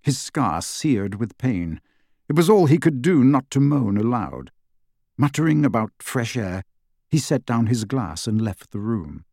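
Expressive male audiobook narrator. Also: medium pitch, measured pace, no echo, studio quality. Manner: expressive storytelling. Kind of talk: scripted narration.

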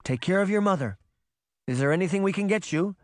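A man's voice: high voice, expressive, quick pace, no echo, clean studio sound, pitched above the performer's own voice. A man voicing a brave young girl who speaks with confidence. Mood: friendly.

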